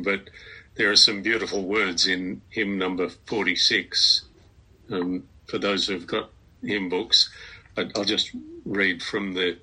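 A man speaking at a Bible meeting in a measured, reflective way, reading hymn words, with a husky voice. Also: sits low, sharp tone, rough recording.

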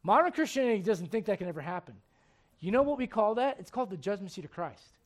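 High-voiced emphatic male preacher. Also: very animated, fast. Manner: emphatic, many rhetorical questions; swings between loud urgency and hushed gravity. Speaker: pastor. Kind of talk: sermon.

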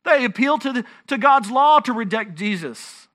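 A man's voice: extremely high pitch, animated, normal speed, fairly bright tone. A man preaching a sermon as pastor, earnest and emphatic, often restarting his phrases.

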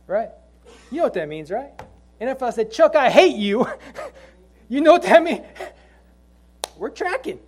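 A middle-aged man delivers a sermon in a notably high voice. He moves between relaxed, chatty family anecdotes and slow, weighty lines where he repeats phrases for emphasis. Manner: conversational storytelling with slow emphatic scripture lines. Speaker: pastor.

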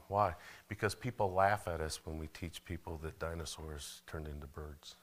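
A man's voice: deep voice, steady tone, normal speed. A man preaching a sermon in a church, folksy and full of rhetorical questions and calls for amen. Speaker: pastor. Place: church sanctuary.

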